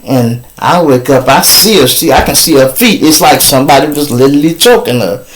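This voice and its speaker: A man hosting his show, telling a story in a casual, animated, profane way and laughing between lines. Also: mid-range voice, a little fast, low-quality recording. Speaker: show host.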